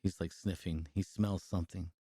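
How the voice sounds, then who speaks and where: Low-voiced man rambling through a movie recap. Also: fairly even intonation, moderate pace, mellow, no room sound, studio quality. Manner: rambling and profane, full of fillers and restarts, laughs while telling. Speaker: podcast co-host reviewing a movie. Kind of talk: casual chat, retelling a film.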